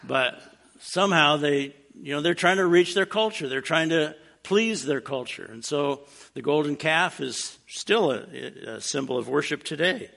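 A man's voice: on the high side, expressive, moderate pace, creaky, a bit bright. A man preaching a casual, plainspoken sermon, dropping in wry humorous asides as he teaches. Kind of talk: conversational sermon.

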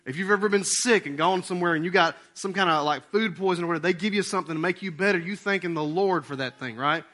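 A man's voice: high voice, fast talker, pushed and bright. A male pastor preaching a conversational sermon to his congregation, often checking in with questions. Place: church sanctuary with congregation.

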